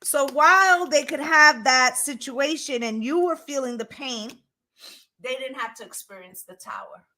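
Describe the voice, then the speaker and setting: Bright, emphatic woman tarot reader. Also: high-pitched, measured pace, rough recording. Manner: emphatic, profane, keeps asking "right?". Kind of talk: casual spoken tarot reading.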